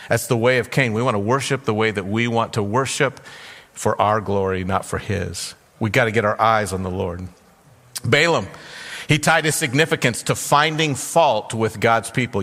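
A man's voice: mid-range voice, sharp tone, in a large hall. A man preaching a sermon as pastor, telling a parable and briefly voicing its characters. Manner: storytelling, briefly acting out characters' lines.

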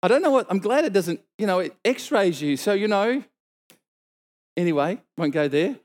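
A middle-aged man preaching, telling a story and acting out the dialogue with sudden exclaimed lines. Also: normal speed. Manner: animated, acts out dialogue with sudden high exclamations. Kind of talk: storytelling sermon.

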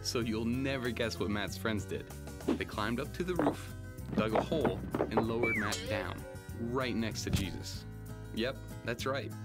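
Brief: a man faking a playful American narrator for a children's video, very animated delivery, music bed. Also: mid-range voice, voice pushed down. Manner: lively, playful storytelling to children. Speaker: kids' story video narrator. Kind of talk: children's Bible story narration. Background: background music.

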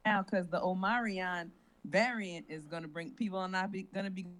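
A woman's voice: on the low side, steady tone, moderate pace, fairly bright tone. A woman co-hosting a comedy podcast, breaking in with chatty questions and comments. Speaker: podcast co-host. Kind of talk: casual comedy podcast chat.

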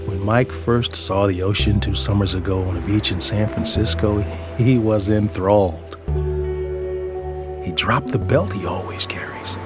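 Over background music, a father tells a scripted personal story, reflective and tender, sometimes sinking to a whisper. His voice is on the low side.

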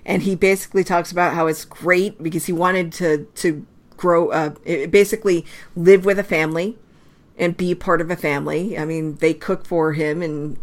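Brief: female co-host, slightly low voice, chatty and quick with asides. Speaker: podcast co-host. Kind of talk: casual hockey chat.

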